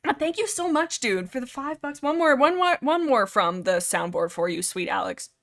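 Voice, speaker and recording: A young woman from Canada hosting a casual livestream chat about books, rambling and animated, reading chat aloud. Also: sits high, normal speed, gravelly. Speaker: livestream host.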